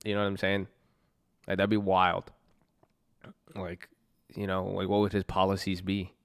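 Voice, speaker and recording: Speaking at a normal speed with a completely flat delivery, this young Southern Californian streamer has a low-pitched, creaky but clean voice. Indoors at his computer, he chats casually with viewers, reading their messages with joking, profane slang.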